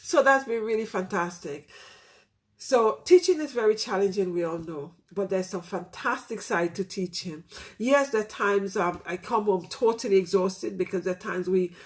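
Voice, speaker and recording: Woman, middle-aged teacher, heartfelt candid monologue, lots of fillers, mid-pitched voice. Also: moderate pace. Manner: candid, heartfelt, with many "you know" fillers. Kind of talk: casual reflective monologue to listeners.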